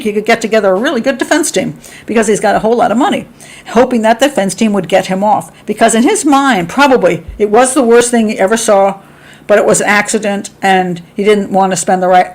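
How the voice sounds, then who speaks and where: A middle-aged woman hosting a live stream, chatting and reading out viewer comments. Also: fairly quick. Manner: chatty, reads viewer comments, laughs often; acts out quotes with sharp jumps in pitch. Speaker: host.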